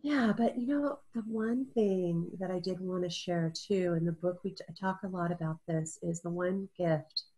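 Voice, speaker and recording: A woman's voice: on the low side, normal speed, few pauses, mellow. A middle-aged woman, an interview guest, telling an emotional personal story, tearful at times and laughing through it.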